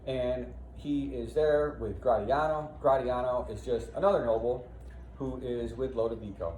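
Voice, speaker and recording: A man's voice: mid-range voice, fairly even intonation, normal speed, darkish tone. A man teaching a play, reading lines and explaining them casually with frequent "right?" asides. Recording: echoey room, faint ambience.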